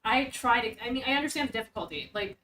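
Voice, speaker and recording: A woman hosting a casual stream, reacting to a story with rambling, animated chat and the odd swear. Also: fairly high pitch, fast, slight background noise, low-quality recording. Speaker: stream host reacting to a web serial.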